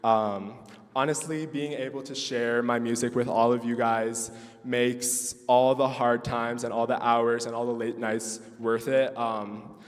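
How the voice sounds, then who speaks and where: A man's voice: mid-range voice, little pitch movement, a little slow. A young male student pianist giving an emotional thank-you speech at his recital, with many ums and nervous laughs. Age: young adult. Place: recital hall with audience. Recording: distant voice in a reverberant hall.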